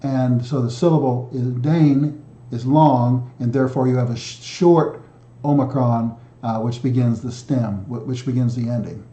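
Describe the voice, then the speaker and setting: A man hosting a recorded language lesson, chanting lists of word endings and explaining them haltingly, often correcting himself. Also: mid-range voice, steady tone, mellow. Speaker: self-taught language video host. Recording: echoey room, dull sound.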